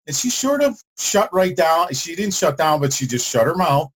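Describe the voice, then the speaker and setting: A man telling a personal story to a coach, rambling and halting with many fillers. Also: a little high, sing-song, a bit bright, rough recording. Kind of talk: casual storytelling.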